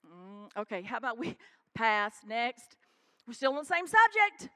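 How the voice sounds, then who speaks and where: A woman pastor preaching a sermon in church, animated and calling out to the congregation. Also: fairly high pitch, a little slow. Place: church sanctuary.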